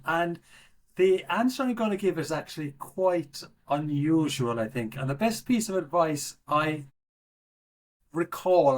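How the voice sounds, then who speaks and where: A middle-aged Irish man, a podcast guest chatting casually with dry, self-mocking humor. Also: on the high side. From Ireland. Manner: wry, self-deprecating humor. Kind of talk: casual interview chat.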